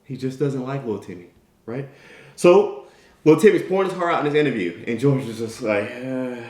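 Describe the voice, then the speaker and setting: In an echoey room, a man with a mid-range voice gives a motivational talk at a slightly fast clip. He spins a conversational story, acting out the quoted characters with animation and repeating "right?" and "you know" often.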